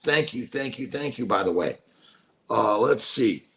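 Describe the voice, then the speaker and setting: A man's voice: fairly low pitch, expressive, measured pace. A man in his late sixties hosting a casual live stream, talking with enthusiasm, repeating himself, and slipping into preaching. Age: 60s. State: speaking quietly while someone sleeps. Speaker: host.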